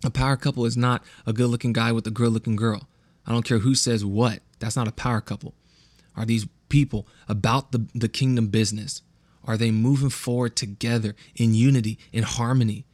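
Here a young man from California's Central Valley keeps his Bible podcast casual and full of slang, repeating words as he restarts. His mid-range voice is steady in tone, brisk, and a little mellow, with a West Coast accent and no echo.

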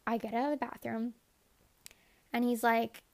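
A woman's voice: fairly high pitch, little pitch movement, normal speed, vocal fry. A young adult woman telling a candid, profane story in a casual monologue. She rambles, says "like" often and acts out her own thoughts in quotes.

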